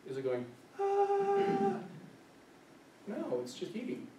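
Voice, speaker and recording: Male workshop presenter, slightly high voice, engaging and question-driven, recorded far off in a roomy space. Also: animated, moderate pace. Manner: engaging, asks the group questions; acts out quoted voices. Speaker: workshop presenter, social worker. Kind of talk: live lecture to a small group. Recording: echoey room from a distance, faint hiss.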